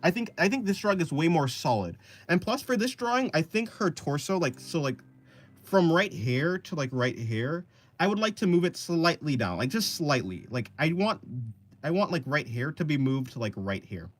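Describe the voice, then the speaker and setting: A man's voice: fairly high pitch, very animated, moderate pace. A young man giving casual, hesitant commentary on drawings as an art streamer, rambling with many restarts.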